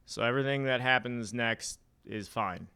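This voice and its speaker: A man doing a stand-up set at an open mic in a small comedy club, telling dark jokes deadpan with halting fillers. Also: medium pitch, vocal fry, a crowd in the background.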